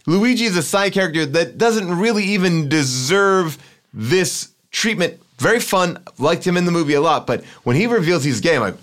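A man hosting a casual podcast chat, talking through a movie with animated energy. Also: sits high, moderate pace. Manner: animated, read ad in a loud salesy voice. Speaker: podcast host.

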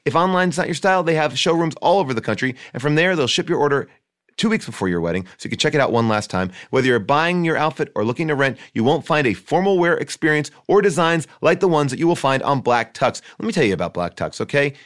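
Fast-talking man reading an ad. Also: fairly high pitch, lively intonation, fairly bright tone. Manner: fast, joking, hard-sell. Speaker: podcast host reading an ad. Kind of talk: ad read with comic asides.

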